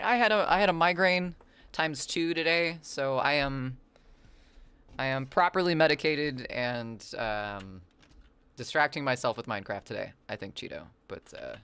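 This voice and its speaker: Over a game, a chatty streamer rambles loosely from one story to another, reading out chat messages and responding as they come. Silly wordplay and asides pop up between tangents. The voice is mid-range, fairly bright, clear and resonant, at a moderate pace on a dry recording.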